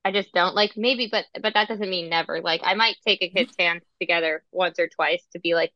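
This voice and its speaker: A woman speech-language pathologist in casual podcast chat, an animated storyteller who says "like" often. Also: fairly low pitch, a little fast, hardly any pauses, no echo, lo-fi sound.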